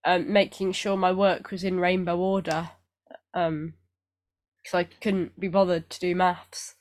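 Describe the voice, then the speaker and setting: A woman's voice: fairly low pitch, little pitch movement, measured pace. Rambling woman on a casual podcast. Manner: rambling and self-deprecating, many fillers. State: recovering from illness. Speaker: podcast co-host. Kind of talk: casual chat.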